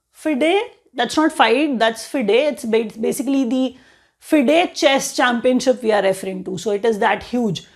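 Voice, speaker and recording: A woman with an Indian English accent teaching an exam-prep current affairs lesson in a chatty way, often saying "you know". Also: on the high side.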